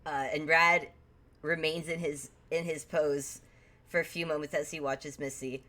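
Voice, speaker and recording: A woman's voice: deep voice, steady tone, a little slow, bright, forceful tone. A woman running a tabletop game as game master, narrating with frequent giggles. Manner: giggly, laughs often.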